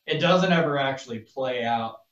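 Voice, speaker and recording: A man speaking as a guest on a casual podcast, halting and hesitant with many fillers. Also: mid-range voice, fairly bright tone. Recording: roomy, distant, dull mic.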